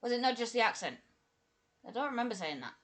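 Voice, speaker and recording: A woman chatting casually on a live stream, a little tipsy, self-deprecating and quick to laugh. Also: a little high, very animated, a bit bright.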